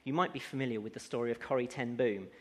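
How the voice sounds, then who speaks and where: A man's voice: mid-range voice, fast talker. A man preaching a sermon who builds to emphatic, rising declarations. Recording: long hall reverb.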